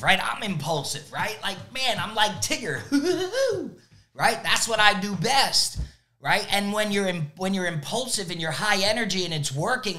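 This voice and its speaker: A man who coaches youth sports, giving an energetic motivational talk and checking in with "right?" again and again. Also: high voice. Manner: energetic, repeats "right?" often.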